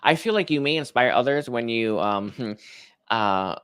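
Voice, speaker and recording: A man's voice: medium pitch, animated, normal speed, clear, resonant tone, no echo, clean studio sound. Man giving a rambling tarot reading. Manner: rambling, hesitant, full of restarts and soft laughs. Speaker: tarot reader.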